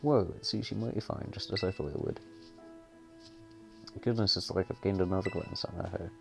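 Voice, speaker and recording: A man's voice: sits low, brisk, gravelly, over music. A man reading aloud the lines of a kindly old grandmother from a game, in a plain voice.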